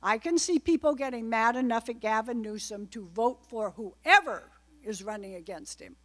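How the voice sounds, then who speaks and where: Woman guest speaker with a raised pitch, addressing a club audience loosely and wryly, with many digressions. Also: animated, normal speed. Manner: chatty, wry asides, frequent digressions. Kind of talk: informal political talk to a live audience.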